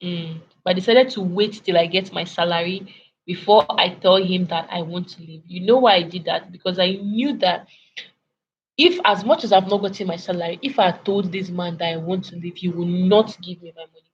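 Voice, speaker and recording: A young woman in her twenties with a Nigerian accent, telling a story casually and animatedly as a vlogger, sometimes clearing her throat. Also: on the low side, fairly even intonation, moderate pace. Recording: lo-fi with faint background noise.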